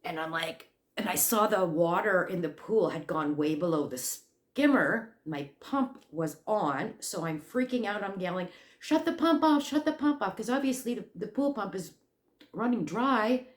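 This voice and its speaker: A woman hosting a crochet channel, telling a story in a rambling, animated way with lots of fillers and restarts. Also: lowish voice, a little slow. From Canada. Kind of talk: casual storytelling vlog. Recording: echoey room.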